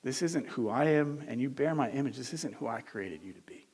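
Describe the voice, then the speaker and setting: A tender imagined God voice speaks low and quietly, almost in a whisper. A man puts it on in a sermon. It pleads patiently and earnestly, never harsh. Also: animated, fairly quick, breathy edge. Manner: soft, hushed, earnest pleading. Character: gentle, tender male voice of God, pleading softly.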